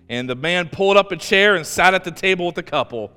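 A man preaching a sermon as pastor, telling stories with emphasis and slowing down to stress key words. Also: high-pitched, expressive, bright, forceful tone, clean tone, long reverb tail, faint music behind.

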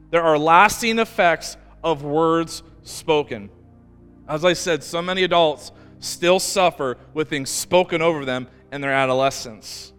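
Slow, emphatic preaching man in a hall. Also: on the high side, a bit bright, clean tone. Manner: emphatic storyteller, slows down to stress key words. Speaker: pastor. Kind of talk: sermon.

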